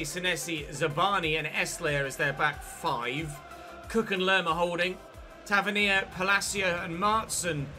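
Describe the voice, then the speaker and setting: A man's voice: fairly high pitch, sharp tone. A young man hosting a football video game series, giving chatty commentary like a match commentator and correcting himself as he goes. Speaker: gaming channel host. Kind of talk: casual let's-play commentary.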